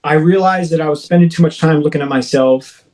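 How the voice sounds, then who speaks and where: A man, a podcast guest, recounting his own experience in a rambling, filler-heavy way and acting out his own shouts as he retells it. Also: on the high side, a little fast, rough recording. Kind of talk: first-person storytelling in a podcast interview.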